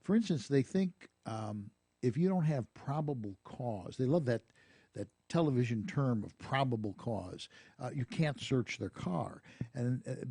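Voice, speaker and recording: Husky-voiced man telling a story on radio. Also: mid-range voice, no echo. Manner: storytelling, animated, laughs often. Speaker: radio show host. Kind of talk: casual radio chat, anecdote telling. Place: radio studio.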